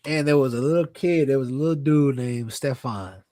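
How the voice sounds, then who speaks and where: A man's voice: mid-range voice, mellow, no room sound. Young male co-host, mid-range voice, loose rambling storyteller, dry close sound. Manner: rambling, halting with fillers and restarts. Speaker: podcast co-host. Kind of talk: casual late-night chat, storytelling.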